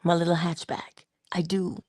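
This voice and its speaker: A middle-aged woman hosting a casual motivational talk, telling personal stories with laughter and hushed asides. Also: on the low side, moderate pace, no room sound, studio quality. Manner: animated storytelling, laughs often, drops into hushed asides. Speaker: channel host.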